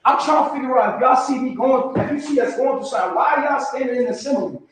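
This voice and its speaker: A man's voice: extremely high pitch, fast, a little hiss or hum. A man venting in an agitated way, full of slang and repeating "bro". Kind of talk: heated venting to the camera. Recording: echoey archival clip.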